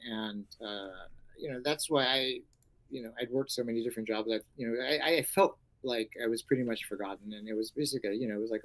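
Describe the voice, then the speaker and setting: A middle-aged man, an actor and karate instructor, telling stories in a casual interview, animated and acting out voices, with many fillers. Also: mid-range voice, fast talker, low-quality recording.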